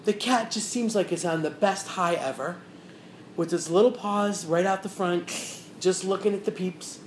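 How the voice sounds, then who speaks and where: A woman's voice: on the low side, moderate pace, slight background noise. A woman in casual chat, telling a funny story with lots of energy, acting out the people she quotes and laughing as she goes. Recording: roomy echo with faint ambience.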